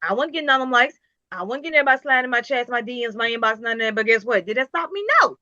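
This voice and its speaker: A woman's voice: a little high, lively intonation, rapid-fire, sharp tone, no room sound, highs cut off. A woman business owner talking in an interview, emphatic and preachy, with repetitive motivational phrasing. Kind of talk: casual interview talk.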